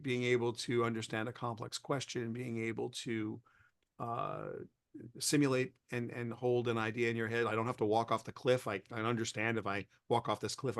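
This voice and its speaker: A man's voice: medium pitch, no room sound, clean studio sound. A man as an interview guest, explaining technology conversationally with everyday examples, often restarting his sentences. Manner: rambling, self-correcting, explains with everyday examples. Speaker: interview guest, tech expert.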